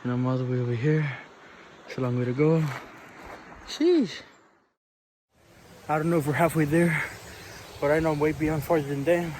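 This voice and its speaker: Young male vlogger, slangy, winded on a trail, slightly high voice, faint outdoor hiss, handheld camera. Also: steady tone, fast talker, darkish tone. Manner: upbeat, slangy, talks to viewers. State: out of breath. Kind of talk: casual hiking vlog.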